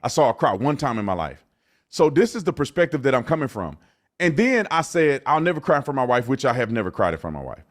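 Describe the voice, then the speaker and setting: A man's voice: medium pitch, big pitch swings, quick pace. A man commenting on clips, explaining his point insistently and repeating himself. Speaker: commentator answering critics.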